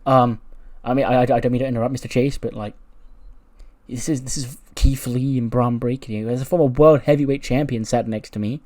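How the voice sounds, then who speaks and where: A man doing an eager young female wrestling student. She talks fast and stumbles over her words in excitement. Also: medium pitch, dry recording, lightly acted. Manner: fast, gushing, stammering.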